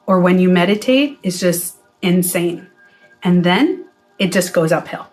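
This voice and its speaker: Indoors with faint music in the background, a woman wellness coach livestreams to her viewers in a fairly low, slightly mellow voice at a moderate pace. She's casual and candid, swearing freely while acting out her own reactions.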